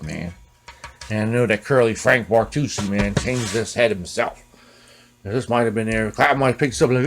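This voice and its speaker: A man's voice: mid-range voice, animated, normal speed, creaky, background noise. A man hosting his guitar repair channel, telling a story casually as he works, streetwise and profane. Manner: streetwise, profane, keeps saying "you know what I mean". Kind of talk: casual storytelling while working on an instrument.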